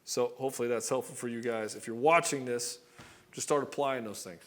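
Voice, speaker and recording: In a brisk, mid-range voice, a man delivers blunt relationship coaching for husbands straight to camera. He curses casually and performs short skits playing both partners.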